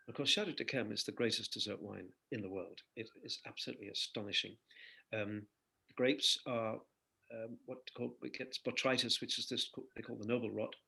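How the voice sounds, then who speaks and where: An older man, a singer-songwriter guest in an interview, telling lively anecdotes and laughing between phrases. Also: on the low side, a little fast, creaky, husky. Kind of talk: conversational interview storytelling.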